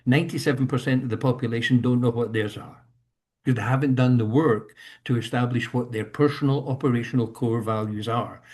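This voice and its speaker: A man's voice: mid-range voice, darkish tone. A man in his seventies giving an earnest motivational talk on a video call, repeating his key points for emphasis. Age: 70s. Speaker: speaker leading a leadership session.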